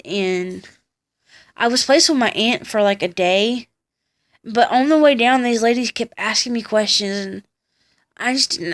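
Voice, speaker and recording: A woman's voice: mid-range voice, fairly bright tone. A tired young woman telling a personal story on her vlog, blunt and profane as she recounts it. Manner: blunt and profane, heated retelling. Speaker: vlogger.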